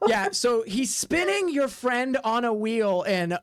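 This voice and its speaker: A man streaming as game master for a tabletop game, narrating in a rambling, filler-heavy way and dropping into quick voiced asides. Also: very high voice, sing-song, dry recording.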